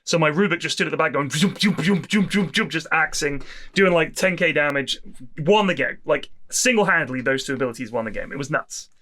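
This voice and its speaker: Bright-voiced man chatting on a podcast. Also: on the high side, brisk. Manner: lively, jokey, quotes people in put-on voices. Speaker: podcast co-host. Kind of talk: casual chat.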